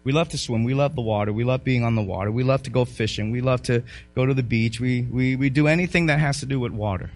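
A male pastor preaching a sermon, swinging between loud calls and low, quiet storytelling. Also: fast talker.

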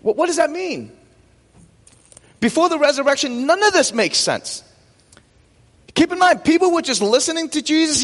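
Male pastor, animated sermon delivery with rhetorical questions, high voice, recorded in a reverberant hall. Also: moderate pace, pauses often.

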